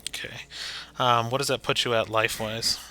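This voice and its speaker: Bright-voiced man running a tabletop game. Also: medium pitch, level tone. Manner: casual, laughing, quick asides. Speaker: game master.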